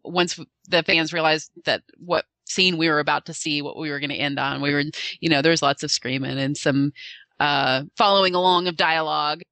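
A woman eagerly retelling a convention panel in casual chat, acting out the quotes with lively voice changes. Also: sits low, moderate pace, dry recording. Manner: animated, acts out quotes with shifting voices. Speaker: fan recounting a convention panel.

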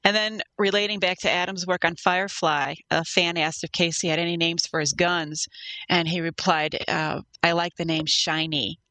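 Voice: mid-range voice, fairly even intonation, moderate pace, bright, forceful tone, dry recording, poor audio. A podcast co-host in casual chat, recounting events plainly.

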